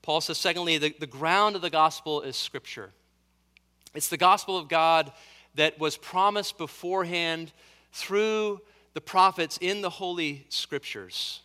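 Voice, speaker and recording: A man's voice: a little high, measured pace, pushed and bright, in a large hall. A man preaching a sermon as pastor, earnest and emphatic, building on repeated phrases.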